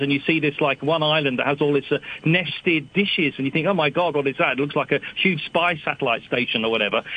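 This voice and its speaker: A man's voice: a little high, highs cut off. An older man, a guest expert on a radio show, explaining at length over an old phone, digressive and self-deprecating. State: slightly hard of hearing.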